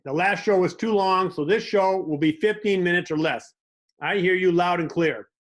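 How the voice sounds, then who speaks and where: A man's voice: high-pitched, normal speed. A man hosting a comedic monologue, telling wry stories with little mock dialogues. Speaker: host.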